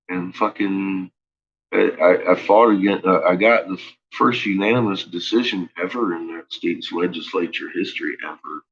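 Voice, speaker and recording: A man with a deep, low voice rambles through a casual monologue, swearing freely and stammering as he restarts his thoughts. The recording sounds dull and lo-fi.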